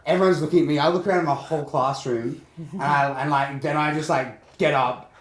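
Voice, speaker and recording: A man's voice: on the high side, steady tone, brisk, crowd noise. A man, a podcast co-host telling a rambling, self-mocking story and laughing often. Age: 20s. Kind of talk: casual chat, storytelling. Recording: echoey room with background noise.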